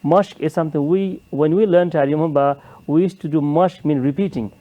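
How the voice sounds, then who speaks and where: A man sitting as a judge on a studio panel, giving earnest, measured advice in simple phrasing. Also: on the high side, muffled recording. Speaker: competition judge.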